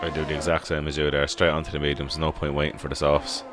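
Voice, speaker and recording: Deep-voiced Irish man calling a race. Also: fast talker. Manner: steady play-by-play, informal banter. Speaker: race commentator. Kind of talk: live sim racing commentary. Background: background music.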